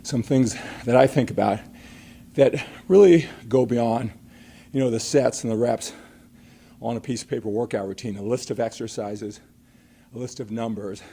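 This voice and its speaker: A middle-aged man coaching viewers through a live workout stream. His voice is mellow and relaxed. He talks emphatically, firing rhetorical questions, and is a little out of breath between sets. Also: medium pitch, moderate pace, vocal fry, husky. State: out of breath after a set. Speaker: fitness coach and live show host.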